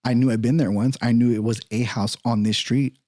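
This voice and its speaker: Mellow-voiced man swearing through a story. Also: medium pitch, brisk, no room sound, clean studio sound. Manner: profane, animated, acts out quoted voices. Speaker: podcast host. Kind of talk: casual storytelling.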